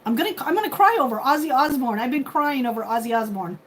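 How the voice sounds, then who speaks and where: A woman in her forties hosts a casual livestream and talks straight to her viewers. She rambles from one thought to the next and speaks openly and emotionally. Her voice sits a little high, with faint background noise behind it. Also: animated, quick pace, poor audio. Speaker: livestream host. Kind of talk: casual chat with live viewers.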